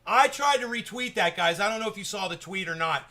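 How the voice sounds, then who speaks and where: A man with a high, bright voice hosts a live cannabis stream. He rants and swears constantly, drops into low asides and then rises into loud, fired-up bursts. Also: brisk. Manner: swears heavily, swings from muttering to excited shouting. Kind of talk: profane ranting live show chat.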